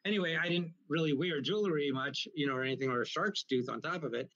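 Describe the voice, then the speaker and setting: A man's voice: fairly high pitch, fast talker. A man who works as a comedian telling rambling, profane stories in a casual live interview. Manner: rambling, profane, animated anecdotes. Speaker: guest comedian. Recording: muffled, lo-fi recording.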